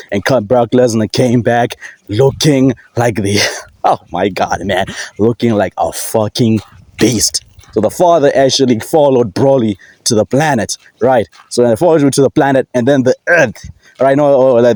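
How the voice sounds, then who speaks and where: A man's voice: mid-range voice, a little mellow, no room sound. A young man from Africa ranting casually about wrestling, rambling, swearing and laughing often. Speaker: wrestling commentator vlogger. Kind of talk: casual solo rant.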